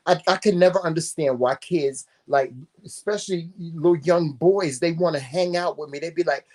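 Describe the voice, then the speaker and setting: A man co-hosting a talk show, chatting casually with slangy, expressive speech and frequent laughs. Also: on the high side, moderate pace. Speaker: co-host. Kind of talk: casual chat.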